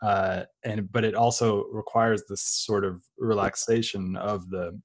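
A man's voice: on the low side, level tone, measured pace. A man hosting an interview, asking long questions with many hesitations and fillers. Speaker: podcast host. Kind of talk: conversational interview.

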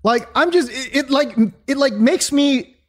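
A man's voice: very high voice, a little slow. A man talking sports casually as a podcast co-host, ranting with lots of fillers and repeated words. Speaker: fantasy football podcast co-host.

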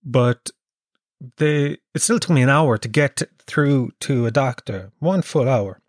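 A man's voice: mid-range voice, measured pace, dry recording, clean studio sound. A young Irish man from Kerry hosting his podcast while sick with a cold, rambling and swearing in a self-mocking way. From Ireland. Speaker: podcast host. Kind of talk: casual comedic monologue.

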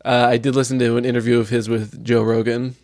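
A man's voice: medium pitch, level tone, fast, a little mellow. A man co-hosting a podcast in casual chat, easygoing and agreeable as he explains things plainly. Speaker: podcast co-host.

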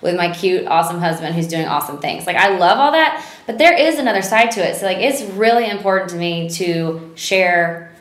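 A woman's voice: fairly low pitch, brisk. Chatty woman in a roomy space. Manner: chatty, expressive, frequent "like". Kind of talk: casual chat. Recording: roomy echo, faint noise.

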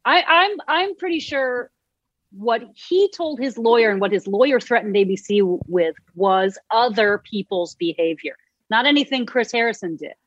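A woman's voice: a little high, moderate pace, dry recording. Woman co-host from Massachusetts, thoughtful tone, dull dry recording. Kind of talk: casual chat.

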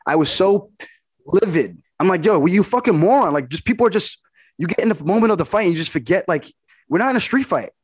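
A man's voice: high-pitched, lively intonation, fast, slightly rough, dry recording, clean studio sound. A man, a fighter being interviewed, telling his fight story in casual talk. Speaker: fighter guest.

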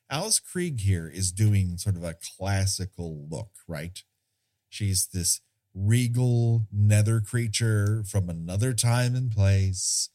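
Slow, low-voiced man discussing films. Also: dark tone. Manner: rambling, self-deprecating, laughs often. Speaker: podcast co-host. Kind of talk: casual film discussion.

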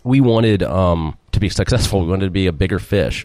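A man's voice: deep voice, moderate pace, a little mellow, dry recording. A middle-aged man telling a long story in a casual interview, rambling, acting out quotes and laughing often. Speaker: restaurant owner, guest.

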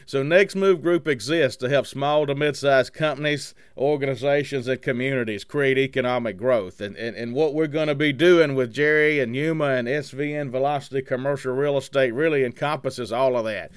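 A man's voice: mid-range voice, moderate pace, hardly any pauses, clear, resonant tone, no echo, studio quality. An enthusiastic man hosting a casual podcast interview, upbeat and friendly in manner. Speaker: podcast host.

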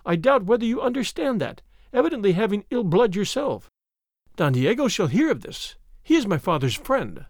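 A man's voice: high-pitched, big pitch swings, moderate pace, no echo, studio quality, exaggerated voice. A man reading a storybook, voicing a proud, fiery young noblewoman with haughty indignation. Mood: indignant.

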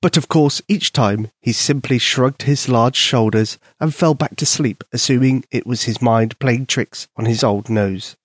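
A man gently narrating a bedtime story for young children in an expressive storytelling manner. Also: medium pitch, a little slow, hardly any pauses, no room sound, clean studio sound.

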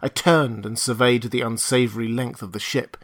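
A male narrator reading a classic adventure novel aloud. His voice sits in a middle pitch, and he paces the telling in a measured, even way. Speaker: audiobook narrator. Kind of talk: scripted narration.

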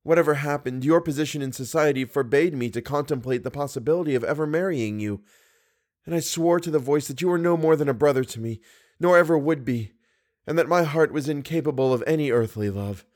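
A man reading the part of a devoted, fearful young woman singer in a measured, earnest audiobook reading. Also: a little high, darkish tone, close to an everyday voice.

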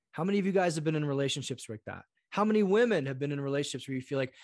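A man's voice: fairly high pitch, rapid-fire, dry recording, studio quality. A man talking as a podcast guest, telling stories and acting out the voices of people in them. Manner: animated storyteller acting out quoted voices. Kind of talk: conversational interview.

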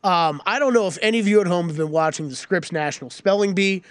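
A man co-hosting a sports betting show, bantering in an excitable, animated way. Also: sits high, fast talker, smooth, no echo. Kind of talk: casual sports talk.

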